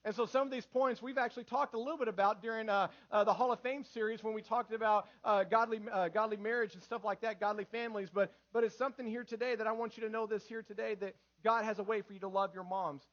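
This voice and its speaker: A man, a pastor, preaching a sermon with emphatic repetitions, going from loud and urgent to hushed and quiet. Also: sits high, fairly even intonation, quick pace, few pauses, dull audio. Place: church sanctuary.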